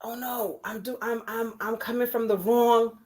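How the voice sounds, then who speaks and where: Excitable woman vlogger going live for the first time, high voice, keeps exclaiming, a bit of a nervous mess. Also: normal speed. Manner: bubbly, nervous and giggly, exclaiming often. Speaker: vlogger hosting her first livestream. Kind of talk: excited livestream chat. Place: home in Paris.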